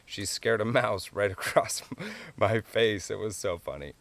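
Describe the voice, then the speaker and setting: Easygoing low-voiced man teaching. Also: a little slow, gravelly, fairly bright tone, no echo. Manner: easygoing, chuckles often, plain folksy explanations. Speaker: wildlife calling instructor. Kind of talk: hands-on tutorial.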